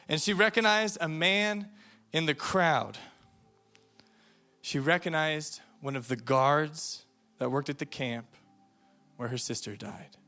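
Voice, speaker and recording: A man with a bright, forceful tone and a fairly high voice gives an earnest sermon to a youth camp. He tells the story with rising and falling intensity and reads passages aloud, with faint music underneath. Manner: earnest storytelling, reads quotes aloud, varies volume for emphasis.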